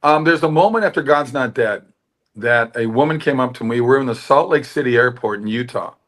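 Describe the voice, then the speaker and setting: A man's voice: mid-range voice, a little fast. A middle-aged American man telling stories in a candid interview and acting out the dialogue in them. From United States. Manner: animated storytelling, often acting out quoted dialogue. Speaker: actor and producer, interview guest.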